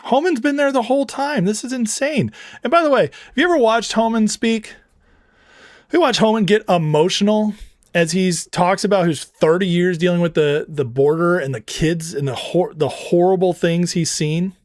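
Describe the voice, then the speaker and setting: A man's voice: high voice, normal speed, darkish tone, no room sound, studio quality. A man hosting a political commentary show, ranting with heated scorn and slipping into storytelling asides. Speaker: show host.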